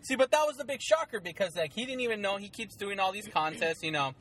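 A man chatting casually about a movie, excitable and laughing often as he retells scenes. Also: high-pitched, quick pace, a little hiss or hum. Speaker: co-host of a movie discussion. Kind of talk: casual chat.

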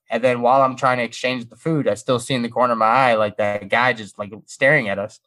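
Animated man telling a casual story. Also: mid-range voice, brisk, few pauses. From Brooklyn family roots. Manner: animated, swears freely, acts out dialogue.

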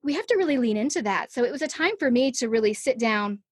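A woman's voice: fairly high pitch, expressive, fast, husky, no echo, studio quality. A middle-aged woman, a podcast guest, telling a personal story in a conversational interview and acting out her own thoughts.

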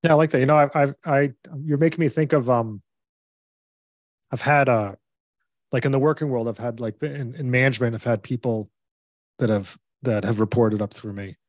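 A man, a parenting coach, giving advice as a guest in a relaxed interview, explaining in earnest with quick bursts. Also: medium pitch, no room sound, clean studio sound. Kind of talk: conversational interview.

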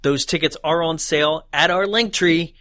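A man's voice: on the high side, moderate pace, pushed and bright, dry recording, studio quality. A man co-hosting a casual podcast, laughing often and chatting loosely. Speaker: podcast co-host.

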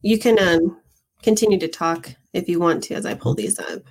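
Polite woman interviewer, lower voice. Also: animated, moderate pace, gravelly, darkish tone. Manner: polite, asks follow-up questions. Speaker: interview host.

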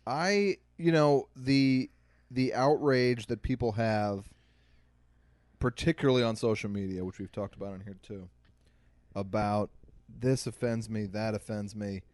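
A man's voice: on the low side, unhurried, a little mellow, no echo. A man co-hosting a podcast, telling stories in an exasperated, casual way. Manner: storytelling, exasperated. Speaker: podcast co-host. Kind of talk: casual chat.

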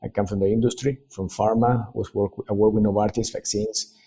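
Peruvian-born guest, middle-aged man, husky and mellow voice, careful halting delivery. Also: lowish voice, flat delivery. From Peru. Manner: measured, hesitant, with fillers and restarts. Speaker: guest, sales director. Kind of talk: casual interview chat.

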